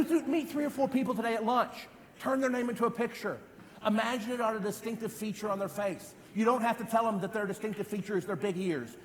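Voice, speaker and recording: A man in his fifties giving an energetic live stage demonstration as a memory trainer, quizzing the audience with repeated questions. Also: sits high, a little hiss or hum. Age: 50s. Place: large event hall. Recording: long hall reverb.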